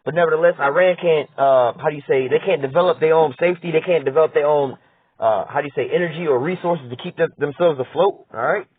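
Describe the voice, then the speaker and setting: A man's voice: on the high side, fast, husky. A man giving a heated, profane political rant. He reads news lines aloud and argues back at them. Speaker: political commentator. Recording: tinny phone-like dry audio.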